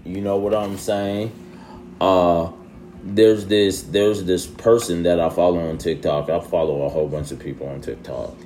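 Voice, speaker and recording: Deep-voiced young guy vlogging, slow and laid back, slangy, faint hum behind him. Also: fairly even intonation. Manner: loose slangy talk, rising into loud exasperated rants. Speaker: social media creator. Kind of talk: casual vlog monologue.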